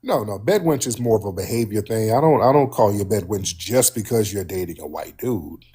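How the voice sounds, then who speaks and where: A husky-voiced man hosts a casual live stream, his pitch bouncing all over as he teases and needles a caller. He is brash and confrontational, pressing his point without letup. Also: expressive, brisk, dark tone. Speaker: livestream host. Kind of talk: casual livestream chat.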